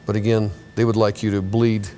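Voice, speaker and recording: A middle-aged man teaching an automotive class while working on a car in a repair shop, chatty and relaxed, often correcting himself. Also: fairly low pitch, brisk, slight background noise. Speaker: automotive instructor. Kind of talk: hands-on workshop demonstration.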